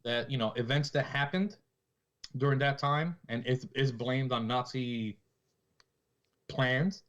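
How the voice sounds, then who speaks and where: A man's voice: medium pitch, fairly even intonation, slow, a bit bright, muffled recording. A man in his forties co-hosting a podcast, chatting casually and rambling as he retells scenes. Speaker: podcast co-host. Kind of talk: casual chat.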